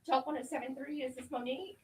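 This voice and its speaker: A woman producing a radio show, talking briskly off-air in the studio. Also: sits high, a little mellow. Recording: distant off-mic voice with faint noise.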